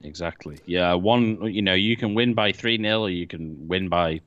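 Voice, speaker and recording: A man's voice: low-pitched, moderate pace, fairly bright tone, no echo, muffled recording. A man co-hosting a podcast in casual chat, answering with dry, teasing quips. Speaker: podcast co-host.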